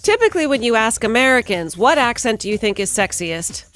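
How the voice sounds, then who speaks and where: A woman co-hosting a morning radio show, reading news items briskly and joking with the hosts. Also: fairly high pitch, sing-song, a bit bright, faint music behind. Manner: brisk, reads headlines then jokes.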